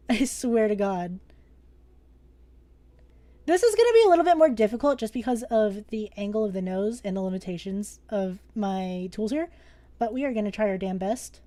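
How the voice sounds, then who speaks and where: A young woman teaching a casual live-streamed drawing lesson, playful and joking, excitable, with casual swearing. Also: mid-range voice, moderate pace, pauses often.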